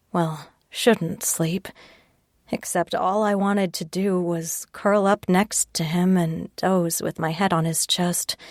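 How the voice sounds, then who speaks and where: A woman reading a first-person audiobook in a calm, measured way on a close mic. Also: lowish voice, no echo. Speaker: audiobook narrator. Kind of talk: scripted first-person narration.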